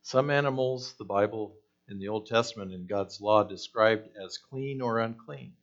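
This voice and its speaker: A man's voice: on the low side, moderate pace, dull audio. A man preaching a conversational sermon, asking the listeners questions and acting out the voices in the story.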